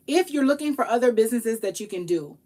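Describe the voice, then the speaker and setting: Brief: lively woman coach talking straight to camera, higher pitch, acts out quick quoted bits, begs viewers not to waste money. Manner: animated, acts out little quoted exchanges in changed voices; pleading, repeats herself for emphasis. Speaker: tax professional and business coach. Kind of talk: casual motivational talk to viewers.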